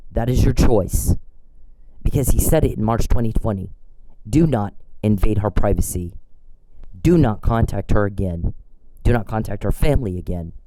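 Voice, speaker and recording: A man's voice: on the low side, warm tone, a little hiss or hum, low-quality recording. A man delivering an angry, profane, scolding monologue aimed at someone who isn't there, repeating his demands over and over. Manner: confrontational, profane, scolding, repetitive. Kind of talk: angry monologue addressed to an absent person.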